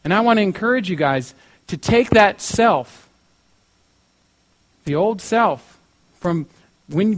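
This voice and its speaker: A young man preaching in a casual, chatty way, telling a story with many fillers like "you know". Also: high-pitched.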